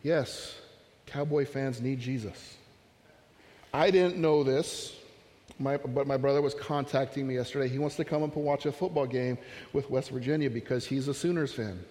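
A man's voice: medium pitch, moderate pace, warm tone, in a large hall. A man preaching a sermon as pastor, talking conversationally with stories and humorous asides.

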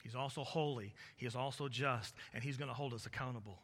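A male preacher delivering a sermon, swinging between loud emphatic peaks and low quiet stretches in a repetitive preaching cadence. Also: fast. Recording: long reverb of a large hall.

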